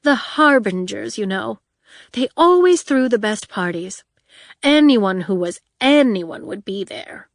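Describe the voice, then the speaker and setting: A woman's voice: mid-range voice, lively intonation, no echo, studio quality. A woman voicing a flamboyant, vain female supervillain who talks in a theatrical drawl. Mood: wistful. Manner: drawling, theatrical, drawn-out words.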